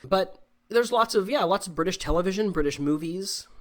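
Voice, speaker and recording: A man's voice: high-pitched, expressive, a little fast. An American man teaching English and answering questions in a live online class, explaining patiently and often checking in with "right?". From United States. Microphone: video call.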